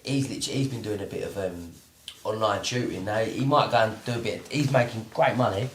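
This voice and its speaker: A man's voice: on the low side, quick pace, roomy sound, a little hiss or hum. A man hosting a casual interview podcast, often chiming in with agreement. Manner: frequent agreeing backchannels. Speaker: podcast host.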